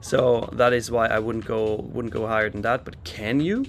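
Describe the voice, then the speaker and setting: A man's voice: mid-range voice, steady tone, normal speed, vocal fry, soft background music. A man raised in Switzerland hosting a live trading stream, giving casual market commentary and answering viewer chat. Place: in London for a trading expo.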